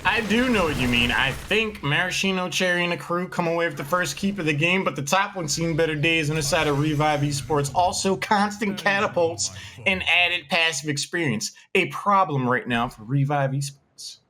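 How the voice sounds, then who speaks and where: A man's voice: a little high, normal speed, bright, forceful tone. A man doing esports play-by-play commentary, calling plays in short punchy bursts with wry quips.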